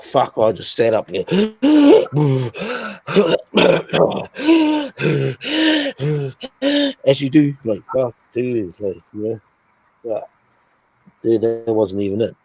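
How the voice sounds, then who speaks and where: A man's voice: lowish voice, a little slow. Profane man telling a story. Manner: profane, animated, acts out sounds and his own reactions. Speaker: streamer. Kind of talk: casual storytelling. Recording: dull lo-fi stream audio.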